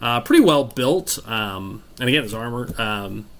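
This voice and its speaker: A man narrating as game master of a tabletop game, descriptive and relaxed, with many fillers. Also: medium pitch, normal speed.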